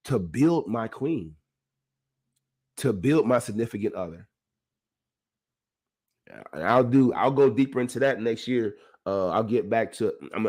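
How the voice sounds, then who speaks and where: A man hosting his own podcast, talking to his listeners in a casual motivational monologue, animated and laughing often. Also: fairly low pitch. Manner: animated, laughs often, talks straight to the audience. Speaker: podcast host.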